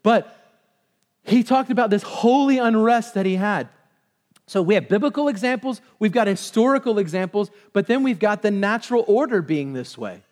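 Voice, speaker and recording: A man preaching a casual, animated sermon to his church, acting out quotes as he goes. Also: sits high, moderate pace, big-room sound. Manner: conversational, animated, acts out quotes. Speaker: pastor.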